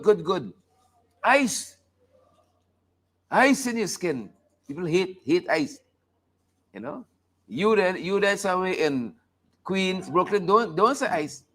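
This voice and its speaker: Man, high voice, playful joking host, casual news chat. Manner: joking, playful, sings snippets and laughs often. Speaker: talk show host. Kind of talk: casual live show commentary.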